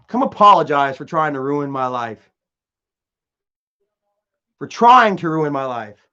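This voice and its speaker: A man's voice: on the high side, very animated, a little slow, pauses often, sharp tone, clean tone. A young man live streaming, rambling and repeating himself while reading out viewer comments, often stumbling and restarting. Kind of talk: casual live stream chat. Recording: dull lo-fi stream audio.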